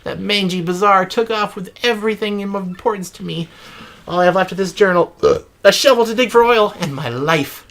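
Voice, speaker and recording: A man's voice: high voice, brisk, a bit bright. A man hosting a let's play, reading in-game text with mock drama and joking asides.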